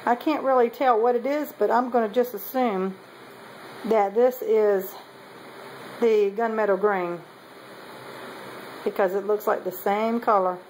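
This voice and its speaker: A woman's voice: medium pitch, fairly even intonation, measured pace, long pauses, a little mellow, slight background noise, rough recording. A woman, talking casually in a meandering way with many ums and self-corrections as she shows her pottery. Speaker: potter showing kiln results. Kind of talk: casual show-and-tell vlog.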